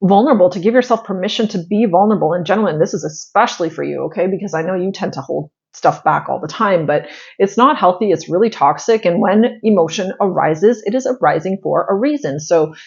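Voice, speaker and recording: A woman's voice: lowish voice, fairly quick, creaky, highs cut off. A woman in her thirties hosting a spiritual astrology channel, giving viewers a casual, heartfelt pep talk full of "like" fillers and the odd blunt swear.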